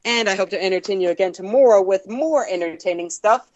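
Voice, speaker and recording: A man's voice: sits high, quick pace, a little mellow, dry recording, dull audio. A man co-hosting an online news show, reading news items and adding wry quips, calling in over the internet. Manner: wry, reads news copy then jokes about it. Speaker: co-host, entertainment reporter. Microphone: internet call.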